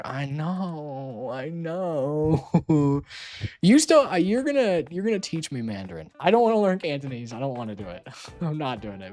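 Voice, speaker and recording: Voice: mid-range voice, a little mellow. A streamer chatting casually on a call, rambling and teasing playfully with lots of filler words.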